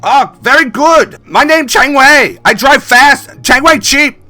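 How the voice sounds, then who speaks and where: A man voicing a boastful taxi driver who speaks in broken English and yells everything. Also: very high-pitched, a little slow, soft background music, pitched above the performer's own voice, full character voice. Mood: eager. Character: frantic cheap-talking male taxi driver, boastful.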